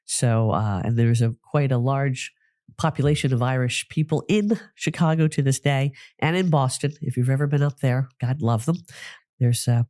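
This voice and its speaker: A man's voice: mid-range voice, normal speed, darkish tone, no echo, studio quality. A man from New Jersey hosting a podcast, telling stories in a chatty solo talk with frequent restarts. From New Jersey, United States. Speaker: podcast host, psychic medium.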